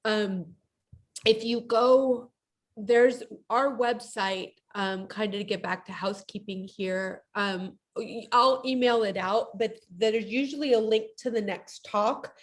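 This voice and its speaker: A tearful woman on a video call gives closing remarks while crying. Her speech is halting and full of restarts. Her voice sits at an ordinary middle pitch. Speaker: co-host of a webinar series.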